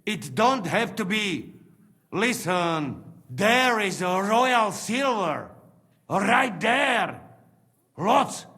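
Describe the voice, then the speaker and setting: A man voicing a rough rebel soldier from the Trenčín region who speaks in clipped, broken sentences in a game cutscene. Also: high-pitched, animated, extremely slow, bright, forceful tone, full character voice. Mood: bargaining. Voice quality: broken, clipped speech with dropped words. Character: rough, wheedling male soldier haggling over hostages.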